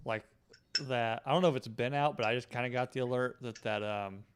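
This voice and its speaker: A man's voice: mid-range voice, brisk, heavy background noise. A man co-hosting a podcast, chatting casually with frequent hesitations and fillers. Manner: hesitant, lots of likes and ums. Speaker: podcast co-host.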